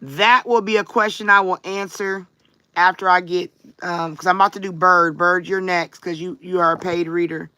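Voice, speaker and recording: Woman reader running a live stream: very bright, sharp voice, dry close sound, chatty with viewers. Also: on the low side, steady tone, normal speed, no echo. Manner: chatty, greets and answers commenters by name. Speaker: tarot reader and livestream host. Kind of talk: casual livestream chat.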